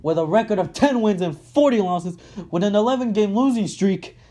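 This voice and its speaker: An angry man delivers a sports rant, his voice dark and mellow even as he swears at every turn. He circles back to the same complaints again and again, heated and blunt. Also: high-pitched, moderate pace. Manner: heated, swearing, repeats himself. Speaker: vlogger ranting about his basketball team.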